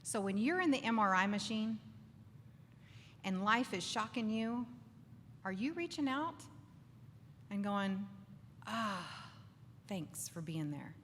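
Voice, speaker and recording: A woman giving an animated faith talk to a live audience in a bar, acting out inner voices and asking the crowd for agreement. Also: on the high side, a little slow, pauses often, slight background noise. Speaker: speaker. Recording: distant voice with long reverb, faint ambience.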